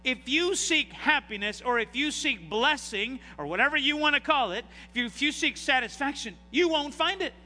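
A middle-aged pastor preaches with a very high, piercing and sharp voice. He talks in animated bursts and asks the congregation question after question. His words carry a long hall reverb over a faint hiss. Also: moderate pace, few pauses. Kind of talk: sermon. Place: church sanctuary.

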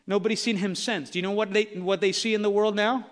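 A man's voice: high voice, steady tone, quick pace. A male pastor preaching a sermon in a church, conversational and full of rhetorical questions. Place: church sanctuary. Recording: long church hall reverb.

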